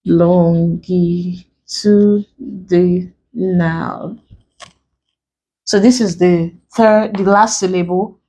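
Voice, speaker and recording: A woman teacher with a Nigerian accent, speaking very slowly and deliberately. She spells out letters one by one in an exam-prep lesson, and her voice sits at an ordinary middle pitch. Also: darkish tone, low-quality recording.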